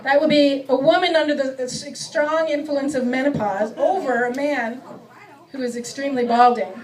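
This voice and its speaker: A middle-aged woman doing a stand-up comedy set, self-mocking and acting out her bits with quick shifts of voice. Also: high-pitched, steady tone, distant mic, poor audio. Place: comedy club stage before a live audience.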